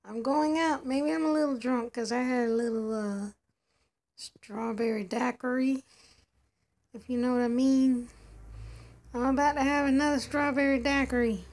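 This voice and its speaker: A woman with a high, fairly even voice speaks at normal speed with a darkish tone close to her everyday voice. In doll play narration, she voices a flashy young female doll heading out clubbing, chatty, playful and showing off.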